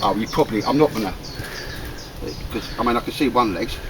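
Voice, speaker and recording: Out in the woods, a bushcraft vlogger chats casually about a stool he built, calling everyone mate and laughing often. His voice is on the low side and a little fast, and the outdoor camera audio is rough and noisy.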